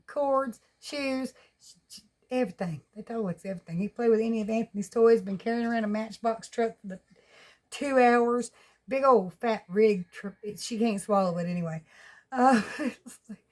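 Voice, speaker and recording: A woman with a Southern US accent rambling in a casual, folksy home vlog, often laughing. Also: medium pitch. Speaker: vlogger. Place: at home with pets.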